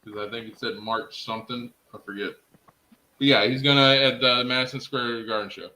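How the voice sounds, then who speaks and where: A man's voice: mid-range voice, steady tone, brisk, bright, forceful tone, slight background noise, poor audio. A man hosting a casual wrestling recap stream, talking enthusiastically to his chat and co-host, with "freaking" in nearly every sentence. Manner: enthusiastic, fills speech with "freaking". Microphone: streaming setup, talking to chat.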